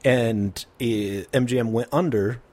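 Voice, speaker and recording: A man's voice: medium pitch, measured pace, darkish tone. A young man co-hosting a podcast in casual chat, making dry jokes and thinking aloud as he goes. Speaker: podcast co-host.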